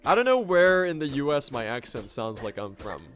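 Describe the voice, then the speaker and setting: Lively, chatty streamer man, American-sounding. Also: fairly high pitch, normal speed, faint music behind. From Sweden. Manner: chatty, swears, answers chat questions. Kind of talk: casual chat while speedrunning a game.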